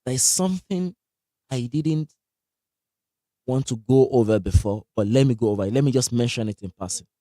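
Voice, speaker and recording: A man teaching Quran recitation in a live online lesson, energetic, asking the class questions and repeating sounds to demonstrate them. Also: mid-range voice, moderate pace, pauses often, no echo, studio quality.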